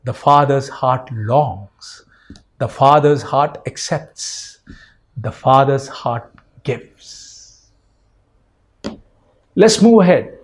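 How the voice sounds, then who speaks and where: A man preaching a sermon to his church, repeating phrases and swinging from quiet murmurs to loud, emphatic peaks. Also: medium pitch, lively intonation, extremely slow, long pauses. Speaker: pastor.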